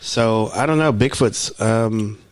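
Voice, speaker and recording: A man's voice: fairly low pitch, slow, no echo. A man with a Texan accent co-hosting a podcast, chatting casually and rambling with lots of fillers. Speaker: podcast co-host. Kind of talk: casual chat.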